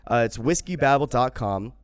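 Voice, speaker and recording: A man's voice: mid-range voice, animated, normal speed, smooth, no room sound. A young man co-hosting a podcast, joking around and laughing often between ad reads. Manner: jokey, laughs often, loud bursts. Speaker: podcast co-host. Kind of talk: casual podcast banter with ad reads.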